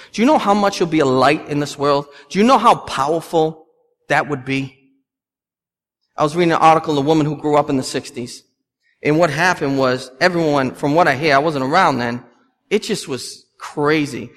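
A pastor's sermon echoes with long hall reverb in a church as he preaches passionately, repeating lines for emphasis. His voice is on the high side and a bit bright.

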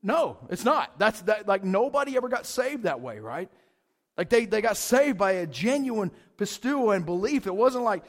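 A male pastor delivers a casual, conversational sermon in a notably high voice. He keeps checking in with "right?" and swells loudly when he drives a point home. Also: normal speed. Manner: animated, rises loud for emphasis; high-pitched voice.

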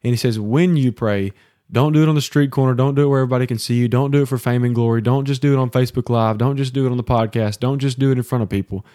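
A man's voice: mid-range voice, fairly even intonation, racing, hardly any pauses, mellow, no room sound, clean studio sound. Earnest man preaching on a podcast. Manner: earnest, preachy exhortation with teasing. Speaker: podcast co-host. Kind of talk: casual devotional podcast talk. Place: home office.

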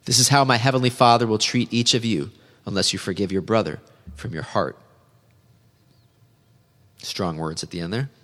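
A man preaching an earnest, measured sermon as a pastor, reading scripture aloud. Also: lowish voice, fairly even intonation, fairly bright tone, big-room sound.

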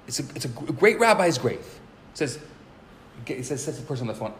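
Rabbi telling a story in an echoey room. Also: male voice, mid-range voice, brisk, long pauses. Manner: lively storyteller, restarts and repeats words. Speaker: rabbi teaching a class. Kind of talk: live lecture with storytelling. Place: classroom at a community center. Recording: roomy live recording with faint noise.

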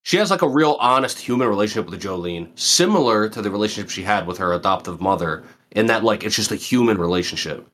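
A man's voice: fairly low pitch, expressive, fast talker, hardly any pauses, fairly bright tone. A man co-hosting a podcast, talking in a thoughtful, searching way with many fillers. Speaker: podcast co-host. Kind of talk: casual chat.

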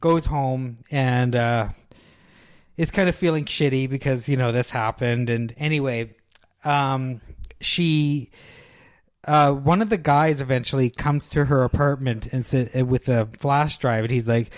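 A young man casually recapping a film on a podcast, rambling and halting with many restarts and fillers, joking at his own expense. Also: medium pitch. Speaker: podcast co-host reviewing films. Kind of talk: casual chat.

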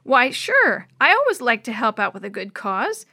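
A raspy old man with a gentle, courteous manner, as a woman reader puts him on. He speaks in a high, lifted voice for a storybook. The sound is close and dry. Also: huge pitch swings, moderate pace, no room sound, full character voice. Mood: polite. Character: kindly old man, slow, limping, polite.

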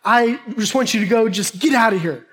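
A man voicing an angry father who shouts and scolds his son, pitched well above his own voice. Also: brisk. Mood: furious. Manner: shouting, stern.

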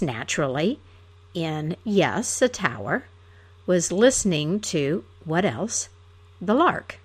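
Woman reading a playful poem with wry asides. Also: on the low side. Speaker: poetry reader. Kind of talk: reading a humorous poem aloud.

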